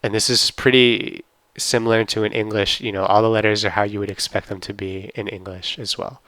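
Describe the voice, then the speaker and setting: A man's voice: lowish voice, level tone, pushed and bright, no room sound. A man giving a casual language lesson, carefully sounding out words one at a time. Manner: slow, careful pronunciation of words. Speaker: German language teacher. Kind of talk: casual screen-recorded lesson.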